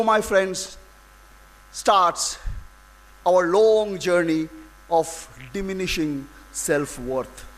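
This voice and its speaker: A man giving a dramatic, emotional inspirational speech to an audience, full of long pauses. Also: high-pitched, fairly bright tone, low-quality recording. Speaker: public speaker.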